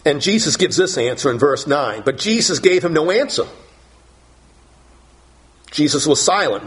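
A man preaching an expository sermon, reading scripture aloud and acting out the speakers' lines dramatically. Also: mid-range voice.

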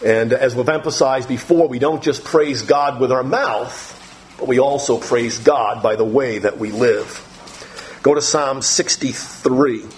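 A man preaching a sermon on the Psalms, talking straight to his listeners and reading scripture slowly with emphasis. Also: mid-range voice, a little hiss or hum. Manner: talks directly to listeners, thinks aloud. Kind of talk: sermon teaching through the Psalms.

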